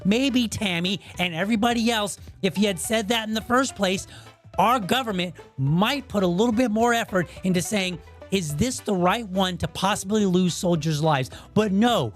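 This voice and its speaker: A man's voice: sits high, animated, normal speed, faint music behind. Blunt ranting male podcast host. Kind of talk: opinion monologue.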